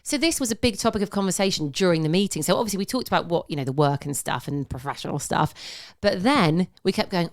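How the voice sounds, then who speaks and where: Self-mocking English Midlands woman, lively. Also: on the low side, fast, few pauses, no room sound, clean studio sound. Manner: self-mocking, laughing storyteller. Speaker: podcast co-host. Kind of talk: casual chat.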